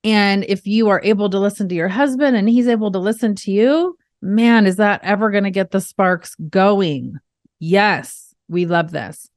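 A woman's voice: medium pitch, no room sound, clean studio sound. A young adult woman hosting a podcast, giving upbeat, chatty relationship advice and often checking in with "right?". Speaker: podcast host. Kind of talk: casual relationship advice talk.

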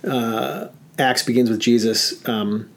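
A man co-hosting a relaxed podcast chat. His pitch sits in a middle range. He speaks haltingly, pausing on fillers and restarting his sentences. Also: creaky. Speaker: podcast co-host. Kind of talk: casual podcast discussion.

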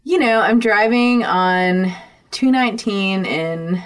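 A woman's voice: mid-range voice, slow pace. Laughing, swearing woman podcast co-host. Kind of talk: casual chat.

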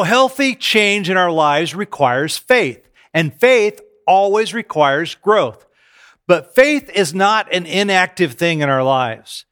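High-voiced man preaching a sermon. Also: a bit bright. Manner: self-deprecating storytelling. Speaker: pastor.

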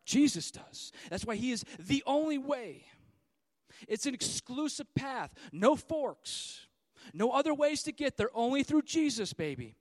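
High-voiced man preaching a sermon. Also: sing-song, unhurried, no echo. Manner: rises to loud emphatic repetition; casual asides with congregation. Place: church before a congregation.

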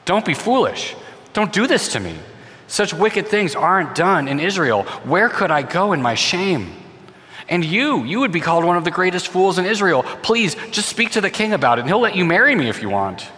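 A frantic young royal woman pleads, her voice pushed up high and urgent, as a man puts her on. The reverb trails long behind every line, as if spoken in a hall. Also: very animated, normal speed, sharp tone, heavily acted. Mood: pleading. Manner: raised, pleading delivery.

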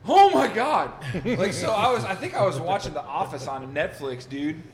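A man's voice: on the high side, expressive, normal speed, over a noisy crowd. A man hosting a podcast, telling loose, profane stories in casual chat. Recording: reverberant room, faint noise.

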